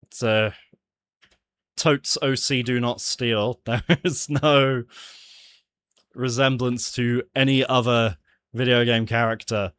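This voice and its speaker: A man's voice: medium pitch, fairly even intonation, slow, long pauses, a bit bright, clear, resonant tone, no room sound. Chatty man musing as he works. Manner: chatty, laughs often, mutters to himself. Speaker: game developer streaming his jam entry. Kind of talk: casual livestream chat while working.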